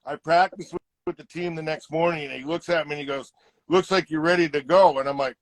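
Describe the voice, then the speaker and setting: A retired hockey player in middle age spins casual interview stories, animated as he acts out what people said. His voice is a little high and fairly quick. There's no echo, but the audio is poor.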